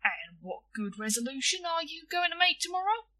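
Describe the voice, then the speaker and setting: A woman's voice: extremely high pitch, sing-song, moderate pace, bright, forceful tone, distant mic, pitched above the performer's own voice, full character voice. A woman voicing a gloomy, firm old sweet-shop keeper in a storybook reading, heavy and lugubrious.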